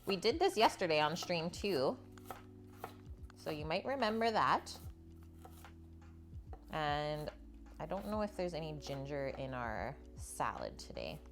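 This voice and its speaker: Her voice is deep and very animated, a little slow and marked by long pauses, over soft background music. Cooking live from her home kitchen, she talks with viewers and reads out their comments between steps.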